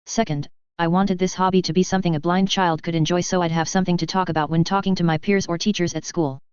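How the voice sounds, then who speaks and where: Clear-voiced woman reading a story. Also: lowish voice, fairly even intonation, quick pace, a little mellow, no room sound. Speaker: fan fiction reader. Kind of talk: first-person story narration. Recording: dry, slightly dull lo-fi recording.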